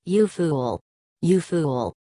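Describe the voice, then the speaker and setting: A woman's voice: low voice, a little slow, a little mellow, no room sound, clean studio sound. A woman voicing a bitter, exasperated older father who scolds his daughter in an audiobook. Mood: angry. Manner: angry and scolding.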